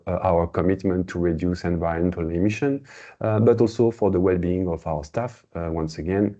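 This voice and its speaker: A man hosting a webinar presentation, pausing often with fillers and restarting his sentences. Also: deep voice, warm tone. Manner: hesitant, many fillers and restarts. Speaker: webinar host. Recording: slightly dull lo-fi webinar audio.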